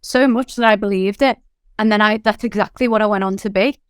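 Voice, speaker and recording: A woman from Liverpool with a Liverpool accent, speaking as a business founder in an interview. Her voice is smooth and resonant, and she talks in an animated, chatty way with lots of "like" and "you know." The recording is dry and close. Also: medium pitch, no room sound. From England. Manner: animated, quick storytelling with frequent fillers. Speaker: company founder, guest. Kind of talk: candid interview talk.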